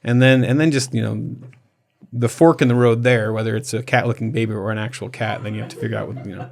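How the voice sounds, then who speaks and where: A man's voice: fairly low pitch, steady tone, fast talker, creaky, darkish tone. A man hosting a podcast in casual comedic chat, rambling and laughing as he tells a story. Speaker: podcast host.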